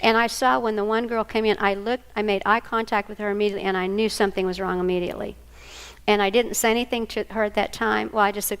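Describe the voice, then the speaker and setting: Talking fast in a clear, resonant, mid-range voice, a female workshop presenter addresses a live crowd. She's lively, shares stories, and stops to check in with her audience.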